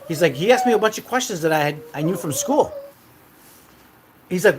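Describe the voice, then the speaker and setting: A man's voice: high voice, big pitch swings, quick pace, long pauses, background noise. A man in his thirties casually telling a rambling, repetitive story from his own life, swearing now and then. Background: dogs.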